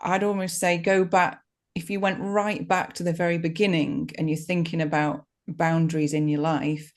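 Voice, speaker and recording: A woman in her forties co-hosts a podcast and talks through practical advice gently, restarting now and then. Her voice is on the low side for a woman. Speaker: coach and podcast host. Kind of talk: casual podcast discussion.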